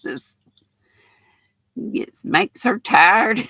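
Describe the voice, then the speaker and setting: A woman's voice: sits low, lively intonation, extremely slow, dry recording. An older woman hosting a live crafting stream, chatting folksily with viewers and calling them honey and darling. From United States. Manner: chatty, rambling, with soft laughs. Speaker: host of a live knitting and crochet stream.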